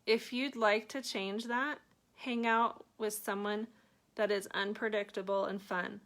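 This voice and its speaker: A woman reading her own book aloud at a middle pitch. She keeps breaking off for chatty, joking remarks and laughs at her own lines before going back to the page. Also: level tone, measured pace, fairly bright tone. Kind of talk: reading aloud with offhand asides.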